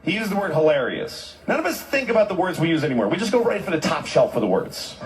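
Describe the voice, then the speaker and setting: High-voiced comic ranting, voice all over the place, exasperated, faint hiss behind. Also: male voice, very animated, fast, crowd noise. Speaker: stand-up comedian. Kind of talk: stand-up routine.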